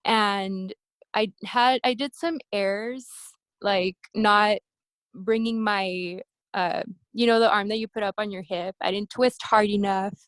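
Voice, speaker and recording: A woman telling stories from her competition days in a casual interview, acting out quoted voices with animated high-pitched bursts. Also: slow, no room sound. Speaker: interview guest, bikini competitor. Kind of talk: casual storytelling.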